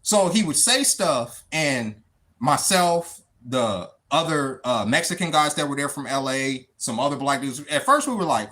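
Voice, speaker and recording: A man from the United States speaks straight to his livestream audience with no script. His pitch swings widely as he talks. He swears in nearly every sentence and often circles back over the same words. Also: lively intonation, moderate pace, sharp tone. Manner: emphatic, swears constantly, repeats words. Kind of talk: unscripted livestream monologue.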